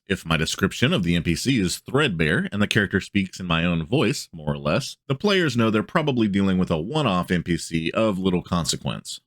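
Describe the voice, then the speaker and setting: A man's voice: low-pitched, no echo, clean studio sound. A man hosting a tabletop gaming video, reading a blog post aloud and breaking off into casual joking asides.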